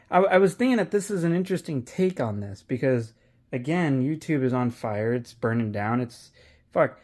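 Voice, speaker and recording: A man's voice: mid-range voice, a little mellow. A man talking casually as an online reseller, candid and profane, rambling with frequent restarts. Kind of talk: casual vlog commentary.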